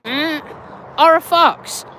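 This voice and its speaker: A woman's voice: high voice, takes it slowly, a bit bright, slight background noise. A woman chatting casually on a live stream, telling animal rescue stories while she walks outdoors and laughing often. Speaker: vlogger.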